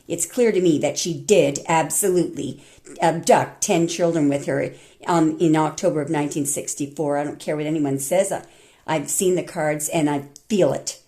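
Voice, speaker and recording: Woman, low pitch, tarot vlogger, emphatic, indignant, rambling with restarts. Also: darkish tone. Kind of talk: indignant monologue.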